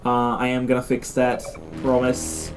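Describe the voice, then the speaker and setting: A man's voice: medium pitch, a little slow, faint music behind. A young man casually commentating while playing a game at home, swearing a lot and yelping when things go wrong. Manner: swearing, excitable, yelps when startled. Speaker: let's play gamer. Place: home room. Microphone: desk mic and camera mic.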